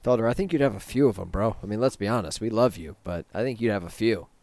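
A man's voice: fairly low pitch, lively intonation, fast, a little mellow. A man co-hosting a podcast, trading teasing jokes in casual banter. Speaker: podcast co-host. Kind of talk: casual chat.

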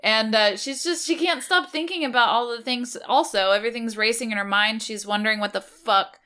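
A woman's voice: a little high, fairly quick, pushed and bright, smooth. A woman playing a tabletop game, rambling with lots of fillers and swearing now and then. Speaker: player. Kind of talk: casual chat, tabletop role-play.

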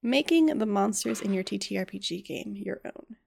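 A woman hosting a podcast in casual chat, chatty and quick to laugh, often trailing off and restarting her sentences. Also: mid-range voice, expressive, vocal fry, darkish tone, husky. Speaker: podcast host.

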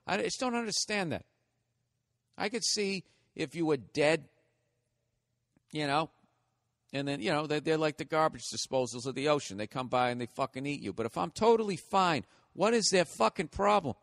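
A man's voice: on the high side, lively intonation, moderate pace, vocal fry, a bit bright, big-room sound. A man hosting a solo comedy podcast, talking in a rambling, profane, ranting way.

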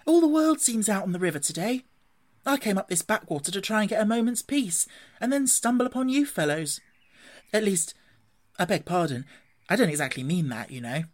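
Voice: mid-range voice, animated, fairly quick, voice pushed up, natural voice. A reader voicing a jovial, gossipy male otter in a storybook, bluff and chuckling. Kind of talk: storybook reading.

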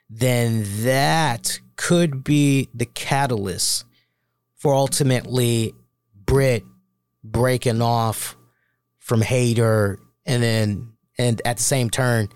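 Casual, swearing man with a smooth voice. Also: medium pitch, no room sound. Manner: animated, swears freely, addresses listeners as y'all. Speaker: wrestling show reviewer and host. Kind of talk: casual solo review talk.

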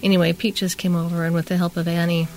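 A woman's voice: lowish voice, little pitch movement, fast talker, over music. A middle-aged woman casually telling a long personal story on a chat show, rambling and acting out what people said. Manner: rambling, chatty, re-enacts quoted dialogue. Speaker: podcast co-host telling a story.

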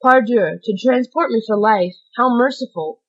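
A woman's voice: fairly high pitch, normal speed, husky, muffled recording, voice pushed up. A woman voicing a desperate dying male ex-convict, pleading in anguished outbursts.

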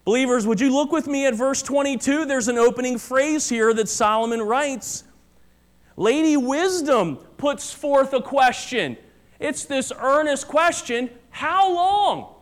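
A male pastor preaches with a high, ringing voice, driving home each point with urgency. He repeats key phrases for weight and often calls his listeners family. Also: unhurried. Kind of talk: sermon. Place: church.

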